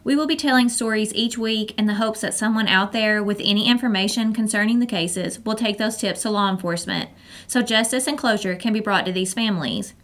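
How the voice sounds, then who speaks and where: A woman reads the scripted welcome of a podcast. Her delivery is even and plainly read from the page. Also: mid-range voice, a little fast. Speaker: podcast co-host.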